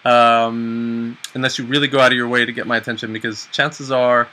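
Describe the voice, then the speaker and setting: A young man talks casually in a very bright, sharp voice. He keeps joking at his own expense and acts out small scenes as he goes. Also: mid-range voice, level tone, fairly quick, poor audio. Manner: joking, self-mocking, acts out little scenes. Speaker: video host. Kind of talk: casual chat.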